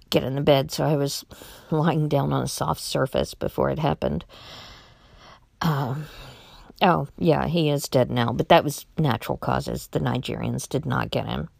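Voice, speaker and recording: A woman telling a personal anecdote in a sardonic, wry and animated way. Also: low voice, vocal fry, dry recording.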